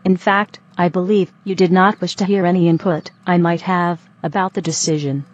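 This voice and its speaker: Woman voicing a stilted female robot, flat and formal, lowish voice, slightly dull lo-fi sound. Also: moderate pace, natural voice. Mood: stiff. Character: stiff female robot leaving her partner.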